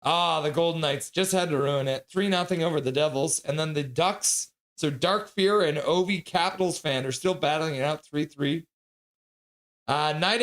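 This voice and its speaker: Man streamer, fairly high voice, casual chat-reading host. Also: a bit bright. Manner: reads chat messages aloud and replies.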